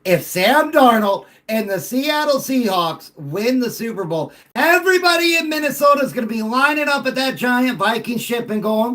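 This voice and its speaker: A middle-aged man hosting a casual sports talk show, animated and joking as he banters with callers. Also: very high voice, moderate pace, hardly any pauses.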